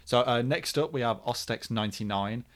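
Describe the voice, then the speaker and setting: An Australian man co-hosting a podcast, reading listener mail in a relaxed, easygoing way. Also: medium pitch, moderate pace. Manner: relaxed, easygoing, says "mate". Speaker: podcast co-host.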